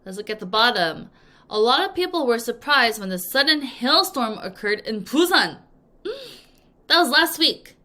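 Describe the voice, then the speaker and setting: A woman teaching an English vocabulary lesson, drilling words clearly with repeat-after-me prompts and acting out examples playfully. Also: fairly high pitch, sing-song, normal speed, pushed and bright. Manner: playful, acts out example sentences. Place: language school in Korea.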